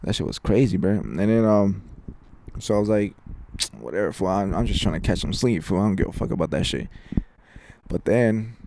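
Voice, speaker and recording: A man's voice: low voice, lively intonation, fairly quick, vocal fry, mellow, a little hiss or hum. A young man casually telling a spooky story on a podcast, slangy and profane, tossing in "fool" every few words. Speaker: podcast co-host.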